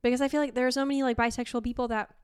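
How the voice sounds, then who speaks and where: Racing along in a fairly high, flat delivery, a young woman from Argentina co-hosts a casual podcast chat, laughing frequently and swearing freely through her stories. The sound is smooth, echo-free and studio quality.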